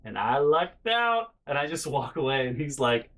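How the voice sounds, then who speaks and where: A young man telling family stories in a casual vlog, animated and profane, with frequent exasperation. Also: mid-range voice, normal speed, low-quality recording. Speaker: vlogger.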